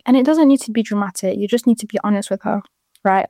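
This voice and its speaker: A woman's voice: medium pitch, fast talker, warm tone, dry recording, clean studio sound. A 22-year-old woman with a British accent, hosting a casual advice show and chatting frankly to listeners with rambling asides. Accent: British English.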